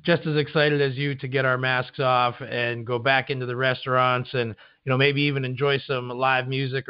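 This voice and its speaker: A man from Pennsylvania, an attorney, talking as a guest in a measured, friendly way. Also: mid-range voice, clean tone, lo-fi sound. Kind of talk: casual interview.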